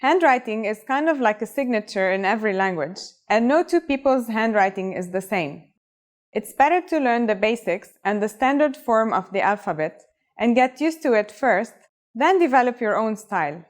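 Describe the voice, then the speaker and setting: This is a woman teaching a scripted lesson, speaking. Her voice sits a little higher than most, and her delivery is upbeat and encouraging as she talks the viewer through each step. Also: animated, normal speed. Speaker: language teacher.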